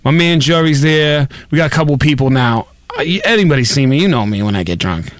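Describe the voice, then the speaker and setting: A man's voice: fairly high pitch, fast, dry recording, studio quality. A man from Boston hosting a podcast, telling stories animatedly and going on passionate rants. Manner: animated storyteller, acts out voices, prone to rants. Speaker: podcast host. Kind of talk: casual chat.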